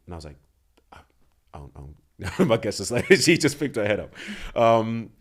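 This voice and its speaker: A young man with a very deep voice tells a story in relaxed podcast chat. He acts out what each person said and laughs as he goes. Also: normal speed. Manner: animated storyteller, acts out quoted lines, laughs often. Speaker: podcast co-host.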